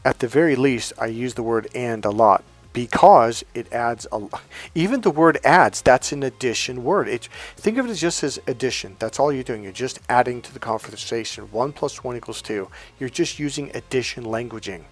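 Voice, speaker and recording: A life coach delivers an emphatic, repetitive motivational talk, chanting mantras. His medium-pitched voice is animated and moderately paced, with faint music behind it.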